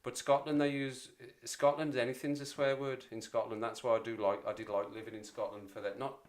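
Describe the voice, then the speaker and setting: A man's voice: mid-range voice, level tone, brisk. A man in his forties hosting a casual livestream chat, rambling and self-deprecating as he talks to viewers. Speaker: livestream host.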